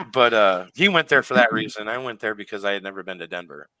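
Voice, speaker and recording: Animated man telling a story, bright dry voice. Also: fairly low pitch, normal speed, no echo. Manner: animated, lots of fillers and restarts. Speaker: guest. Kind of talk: casual storytelling on a radio show.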